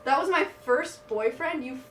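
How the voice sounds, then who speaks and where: A woman's voice: sits high, animated, normal speed, a bit bright, echoey room, slight background noise. A woman podcast co-host in casual chat, dramatic and tipsy, swearing and half-laughing through tears.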